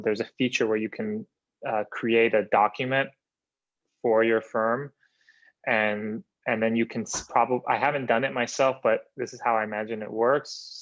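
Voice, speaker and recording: Flat-voiced, hesitant man on a call. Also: medium pitch, no room sound, dull audio. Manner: hesitant, many fillers and restarts. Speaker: attendee lawyer. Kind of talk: video call Q&A.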